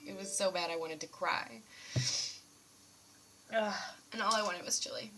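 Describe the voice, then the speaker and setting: Bright-voiced chatty young woman. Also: mid-range voice, a little slow, slight background noise. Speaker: student vlogger. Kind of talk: casual rambling vlog. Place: dorm room.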